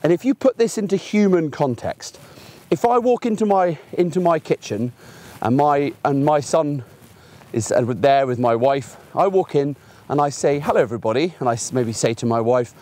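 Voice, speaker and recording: A man's voice: on the high side, normal speed, a little mellow. Chatty man training a puppy outdoors. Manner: chatty, explains with everyday examples. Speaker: gundog trainer. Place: outdoors in a field by a fence.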